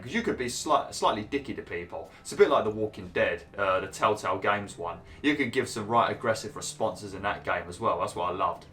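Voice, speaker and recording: A man's voice: lowish voice, fairly bright tone, slight background noise. A man giving casual gameplay commentary in a cheeky, blunt, chatty way. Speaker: gaming video host.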